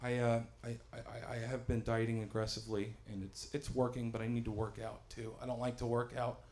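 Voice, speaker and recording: A man in his thirties doing a stand-up set on a small stage, self-mocking and often yelling his punchlines. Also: medium pitch, level tone, fairly quick. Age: 30s. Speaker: stand-up comic and emcee. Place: small studio stage with live audience.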